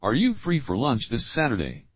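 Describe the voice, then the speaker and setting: A man's voice: mid-range voice, wildly swooping pitch, dry recording, lo-fi sound. A man reading example questions one by one for English learners, saying the opening words and then the whole question. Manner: slow, clear drill reading, repeating each opening phrase. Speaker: English teacher.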